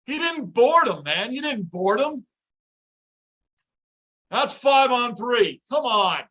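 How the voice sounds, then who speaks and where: A man hosting a livestream from his home basement, reacting to a hockey game and greeting viewers in chat, often yelling at the play. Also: extremely high pitch, takes it slowly. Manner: excitable, yells at the game. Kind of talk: live game reaction with chat shout-outs.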